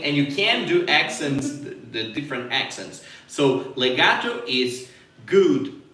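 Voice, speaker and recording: A man's voice: mid-range voice, sharp tone, echoey room, distant mic. A man teaching jazz guitar in a live lesson, explaining step by step, stopping to demonstrate on the guitar and checking in with "okay?".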